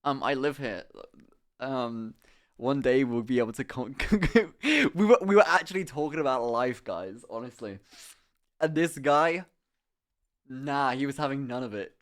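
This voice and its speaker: A young man streaming live, chatting casually with viewers and telling an animated, swear-laden story with frequent laughter. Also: mid-range voice, unhurried.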